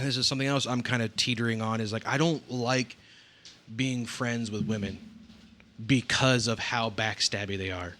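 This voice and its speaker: A man's voice: mid-range voice, a bit bright, a little hiss or hum. A man co-hosting a podcast, talking in a rambling, profane, self-interrupting way with crude humor. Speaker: podcast co-host; nursing home worker. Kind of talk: casual podcast chat.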